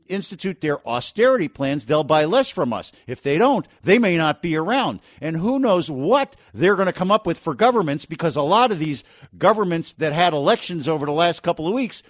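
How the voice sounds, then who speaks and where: A man's voice: fairly high pitch, no room sound, studio quality. Opinionated talk radio host, man. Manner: brisk and opinionated, with rhetorical questions. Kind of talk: business talk radio with editorials.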